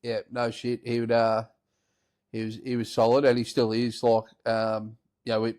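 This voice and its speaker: A man with an Australian accent, a podcast co-host casually telling a story in animated, swear-heavy language. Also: medium pitch, moderate pace. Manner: animated, profane yarn-spinner.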